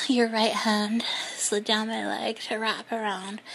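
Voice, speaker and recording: A woman reading a first-person story in a soft, breathy, unhurried whisper. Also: a little high, level tone, a little hiss or hum. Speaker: narrator.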